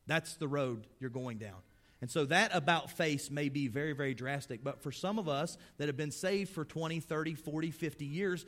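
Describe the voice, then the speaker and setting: A middle-aged male pastor preaching a sermon in a conversational way, dropping to a hushed, prayerful tone and then lifting to emphatic points. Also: mid-range voice.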